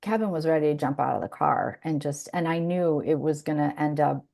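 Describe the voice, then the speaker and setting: A woman's voice: deep voice, fairly quick, gravelly, warm tone. A woman co-hosting a podcast, telling a story in casual chat, laughing often and restarting her sentences. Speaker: podcast co-host.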